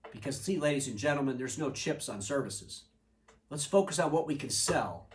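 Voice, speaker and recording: A man hosting his own show, talking by a fireplace indoors and telling an animated story, acting out characters in quick voices. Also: medium pitch, far from the mic. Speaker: show host. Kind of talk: fireside video commentary.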